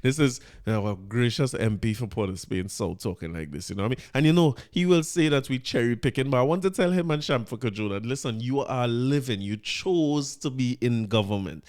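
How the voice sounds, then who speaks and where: Trinidadian podcast host ranting casually. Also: male voice, mid-range voice, brisk, few pauses, darkish tone. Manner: incredulous, laughing, repeats words when riled. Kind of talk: casual commentary.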